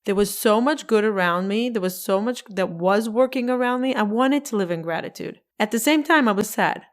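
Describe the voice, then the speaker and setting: A woman in her forties hosting a solo podcast, telling a personal story in an emotional, expressive way and acting out her own past words. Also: medium pitch, brisk. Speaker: podcast host.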